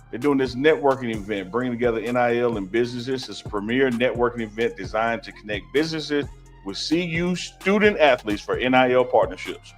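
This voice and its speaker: A man co-hosts a casual sports talk show, ribbing his partner in a playful, teasing way. His voice sits at an ordinary middle pitch, and he moves easily from jokes to reading a sponsor plug. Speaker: co-host.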